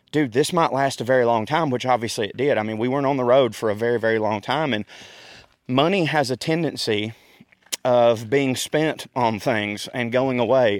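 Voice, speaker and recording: Southern male host, mid pitch, folksy and winded, dry close sound. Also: clear, resonant tone, dry recording. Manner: folksy, chatty, laughs often. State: out of breath. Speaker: podcast host. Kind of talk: casual outdoor rant. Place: outdoors in a park.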